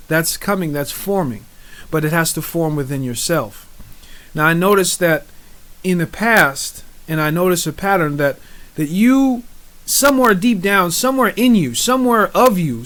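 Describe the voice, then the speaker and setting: A man's voice: fairly high pitch, a bit bright. A man giving motivational encouragement and leading listeners in repeated spoken affirmations, in an earnest, rhythmic way. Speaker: motivational speaker.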